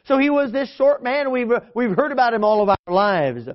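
A pastor preaching with a high, emphatic voice, often pausing on fillers and restarting his phrases. The recording sounds dull and lo-fi. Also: lively intonation. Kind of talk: sermon.

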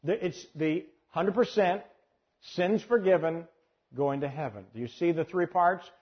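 Husky man teaching an evangelism class. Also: a little high, measured pace, highs cut off. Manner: conversational, asks the audience questions. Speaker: evangelism trainer.

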